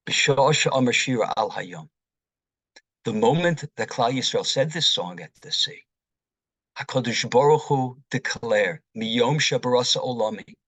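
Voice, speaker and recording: A man, a rabbi, giving a sermon in a slow, deliberate teaching manner, posing rhetorical questions to his congregation. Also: mid-range voice, fairly bright tone, breathy edge, no room sound, poor audio.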